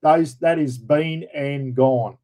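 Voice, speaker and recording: Aussie bloke yarning away casually, slightly high voice, rambly and matey. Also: male voice, takes it slowly, warm tone, low-quality recording. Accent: Australian. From Australia. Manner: blokey, rambling, says "mate" and "bloody" often. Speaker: livestream host. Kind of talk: casual chat.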